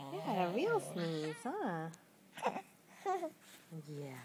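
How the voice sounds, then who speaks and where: A woman's voice: fairly high pitch, huge pitch swings, slow pace, pauses often, a little mellow. A woman talking to her baby in playful, coaxing baby talk. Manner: sing-song, coaxing, playful. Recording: home video with background noise.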